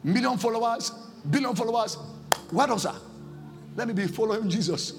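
A Nigerian-accented man preaching a sermon as pastor, impassioned, swinging between shouts and low pleading, in a church service. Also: a little fast, music in the background.

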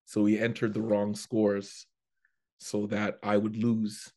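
A man, a comedian, telling a story in a casual chat, animated and prone to restarting his sentences. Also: fairly low pitch, takes it slowly. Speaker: comedian guest.

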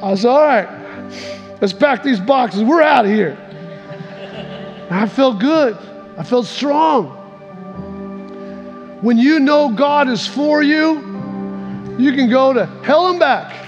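Guy preaching, high voice, telling his story, echoey hall with soft music behind. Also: expressive, slow, long pauses, muffled recording. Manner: storytelling, acts out quotes with big swings in pitch. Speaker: pastor. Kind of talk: sermon.

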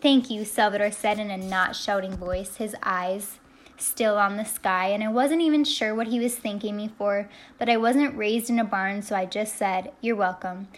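A woman's voice: medium pitch, steady tone, moderate pace. A woman narrating a first-person audiobook in a heartfelt storytelling manner. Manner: heartfelt storytelling, shouting the quoted lines.

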